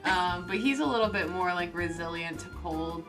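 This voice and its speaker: A woman's voice: lowish voice, moderate pace, a bit bright, soft background music. A young woman joining a casual chat stream and adding dry, joking asides. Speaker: co-host.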